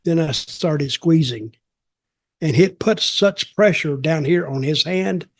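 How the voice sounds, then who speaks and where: A man's voice: fairly high pitch, slow, slightly rough, dry recording, studio quality. An older man hosting a podcast, telling a casual story in a rambling, blunt and profane way.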